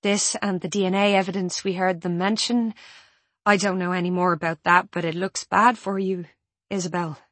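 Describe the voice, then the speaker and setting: A woman's voice: lowish voice, level tone, normal speed, fairly bright tone, no room sound. Woman voicing an insistent, exasperated female friend. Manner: pressing, exasperated. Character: insistent adult woman friend pressing for answers.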